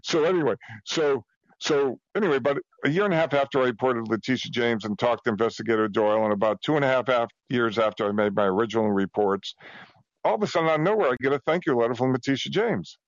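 A man talking fast and emphatically as a guest, piling on example after example. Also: medium pitch, lively intonation, no echo, dull audio. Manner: rushed, emphatic, piles on examples. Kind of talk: fast conversational testimony.

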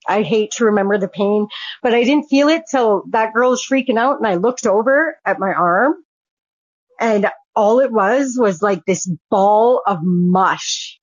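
A woman's voice: medium pitch, measured pace, no room sound. A woman recounting a personal story as a guest, speaking frankly and swearing freely. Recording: dull, dry lo-fi sound.

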